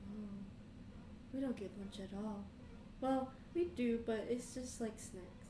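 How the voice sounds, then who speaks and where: A woman's voice: fairly high pitch, slow, echoey room, distant mic, background noise. A woman voicing a brash, kind-hearted young tiefling boy who stands up to bullies. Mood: defiant. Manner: scrappy, protective, boastful.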